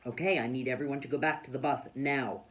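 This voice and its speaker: A man voicing a gentle adult male nature guide in a storybook reading, speaking softly and soothingly. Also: medium pitch, steady tone, close to an everyday voice. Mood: calm. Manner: soft, slow and soothing.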